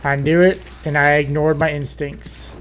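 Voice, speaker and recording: A man's voice: fairly high pitch, fairly even intonation, normal speed, a bit bright, slight background noise. Jittery man talking through a horror game. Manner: nervous running self-talk, jumpy exclamations. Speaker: gaming let's player.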